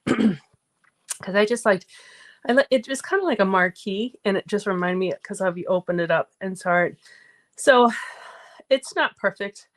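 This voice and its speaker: A woman from Massachusetts hosting a card-making livestream, chatting casually as she works and reads out viewer comments. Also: mid-range voice. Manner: chatty, talks through her crafting steps and reads out viewer comments. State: out of breath. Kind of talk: casual craft livestream chat.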